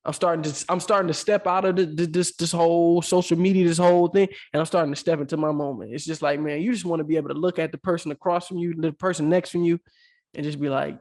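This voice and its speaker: A man's voice: on the high side, fairly even intonation, fast, darkish tone. A man co-hosting a podcast, talking earnestly and emotionally in casual slang, calling the listener "bro" again and again. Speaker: podcast co-host. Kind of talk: heartfelt casual podcast talk.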